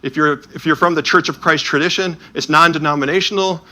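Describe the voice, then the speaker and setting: A man with a fairly high, bright voice tells stories as he presents a series of illuminated images. His manner is animated and anecdotal. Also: fairly quick. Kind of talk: storytelling talk with slides.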